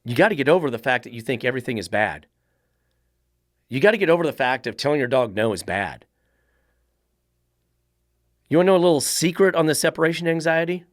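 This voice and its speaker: Guy ranting on his podcast, salty, keeps asking rhetorical questions, mid pitch, dry. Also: very animated, brisk, long pauses, no room sound. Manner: blunt, profane, fires rhetorical questions. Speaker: dog trainer, podcast host. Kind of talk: podcast monologue.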